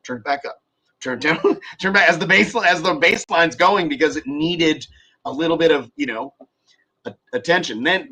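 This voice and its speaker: A man's voice: mid-range voice, bright, forceful tone, a little hiss or hum. A young man in casual podcast chat about car audio, rambling and profane with many fillers and restarts.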